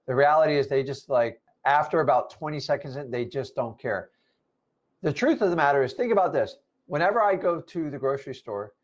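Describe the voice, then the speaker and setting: A man in his fifties, a real estate investing coach, giving a blunt, preachy motivational talk and mocking complainers in put-on voices. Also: mid-range voice. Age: 50s. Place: lives in Florida.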